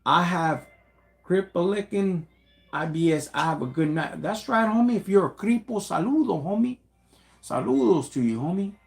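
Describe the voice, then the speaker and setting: A man's voice: high voice, expressive, normal speed, creaky. A middle-aged man with a Chicano English accent talks on a casual livestream, greeting viewers in laid-back street slang. He calls everyone "homie" and "dog" and drops Spanish words into his English. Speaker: livestream host. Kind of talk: casual livestream shout-outs and talk.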